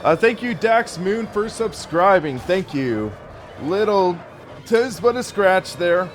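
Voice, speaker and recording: A man's voice: high-pitched, lively intonation, slow, a little hiss or hum. A man in his early twenties giving chatty, rambling commentary while he plays a racing game live and thanks viewers. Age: early 20s. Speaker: sim racing streamer. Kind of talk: casual live gameplay commentary.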